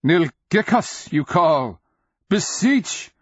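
A man voicing an ancient, inhuman sorcerer king who is mad and grandiose, speaking in a booming, declamatory way for an audiobook. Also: steady tone, moderate pace, no echo, close to an everyday voice. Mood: mocking. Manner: booming, declamatory, swings into roaring fury. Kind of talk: audiobook character voice. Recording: dull lo-fi audio.

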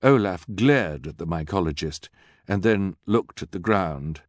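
A man narrating a storybook in a dry, wry, lively manner. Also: low voice, a little slow, no room sound. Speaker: audiobook narrator. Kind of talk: scripted narration. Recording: dry, close studio mic.

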